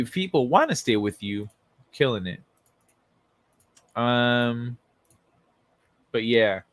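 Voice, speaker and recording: A man hosts a casual livestream, reading news articles aloud and trading sarcastic jokes with chat, often swearing and laughing. His medium-pitched voice is a bit bright, with no echo.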